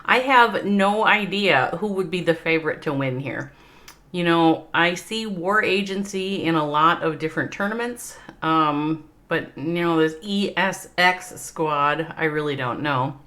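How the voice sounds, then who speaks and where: Her voice is low-pitched and sharp, her delivery a little slow. She's an esports caster with a Minnesota accent, calling a game on a livestream while chatting and laughing frequently with viewers.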